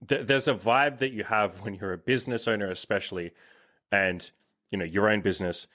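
Fast-talking, profane male dating coach. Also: fairly low pitch. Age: 30s. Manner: blunt, profane, animated storytelling. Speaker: dating coach and podcast host. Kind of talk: casual podcast interview.

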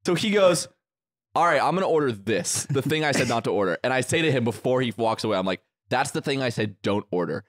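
A man on a podcast tells a story in quick bursts, his pitch leaping up and down as he acts out each quote. He swears freely and keeps the chat loose and casual. The sound is close and dry, with no room around it. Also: expressive, no room sound. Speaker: podcast co-host.

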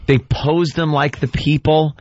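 A man's voice: fairly high pitch, steady tone, unhurried, darkish tone, dry recording, muffled recording. A man co-hosting a radio talk show, joking and scornful in casual banter.

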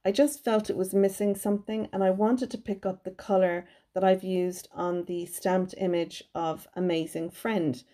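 A woman's voice: mid-range voice, steady tone, normal speed, hardly any pauses, dark tone. Cheerful woman talking crafts. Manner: cheerful, chatty, homely. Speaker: card-making crafter. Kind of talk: chatty craft tutorial voice-over. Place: home craft room.

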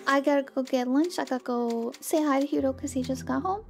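A woman streamer chatting casually and excitably while gaming, humming to herself, her voice going hoarse. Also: sits high, brisk, faint music behind. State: losing her voice.

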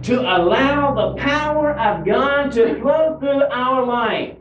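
A man preaching a sermon, stretching out scripture quotes and dropping to a hush on key words. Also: very high-pitched, slow pace, highs cut off. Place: church sanctuary. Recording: echoey church from far off with faint hum, early 1990s tape.

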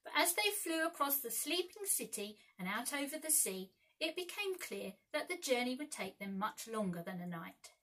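Husky woman reading a children's story. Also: sits high, normal speed, hardly any pauses, rough recording. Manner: expressive, lively storytelling. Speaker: teacher.

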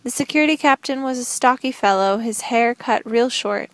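A woman narrating a novel as an audiobook reader, with a steady, measured reading. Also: on the high side, no echo.

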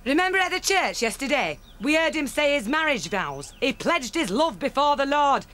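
A brash schemer in a cartoon who swears and plots with her friend, as a woman acts her out. The voice is high and bouncy, with a faint hiss behind it. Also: sing-song, moderate pace, fairly bright tone. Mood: lecturing. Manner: blunt, swearing. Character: blunt, scheming Englishwoman friend.

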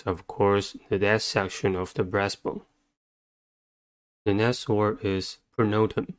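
Guy teaching spelling really slow, lowish voice, one letter at a time. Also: smooth. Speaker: vocabulary teacher. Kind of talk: methodical spelling lesson.

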